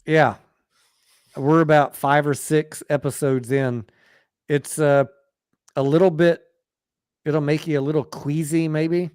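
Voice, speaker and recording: A man's voice: fairly high pitch, fairly even intonation, unhurried, long pauses, darkish tone, smooth, dry recording, clean studio sound. A man hosting a casual late-night live stream about stocks, talking bluntly and swearing offhandedly. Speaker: stock talk show host.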